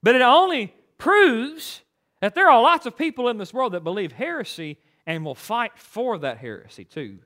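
Here a pastor preaches a sermon, his voice pitched unusually high and swinging emphatically in animated leaps. Sharp and bright, he keeps stumbling into fast restarts while he presses his arguments.

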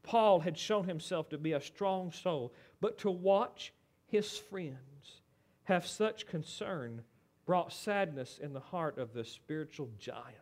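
A man preaching a sermon, swinging from loud dramatic pleading to hushed, low lines. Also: lively intonation, takes it slowly.

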